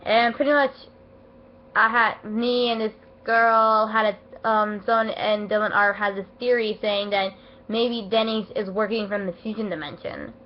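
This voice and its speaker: A woman giving a casual, rambling anime episode review, emotional and excitable, full of fillers and restarts, her voice not at its best as she feels unwell. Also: mid-range voice, measured pace, slight background noise. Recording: dull lo-fi home recording.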